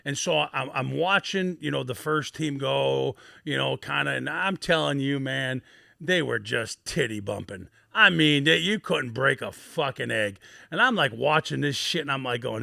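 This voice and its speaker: A man's voice: medium pitch, moderate pace, creaky, no room sound, studio quality. A middle-aged man from Scranton, Pennsylvania, telling old football stories in casual, profane chat and acting out the people he quotes. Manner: profane, animated, acts out quoted voices. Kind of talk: casual storytelling on a podcast.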